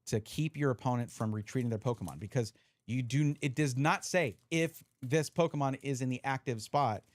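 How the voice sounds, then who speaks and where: A man's voice: mid-range voice, a little mellow, no echo. A man hiccuping as he chats casually on a live stream, explaining card rules while he sorts a deck. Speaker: streamer reviewing trading cards.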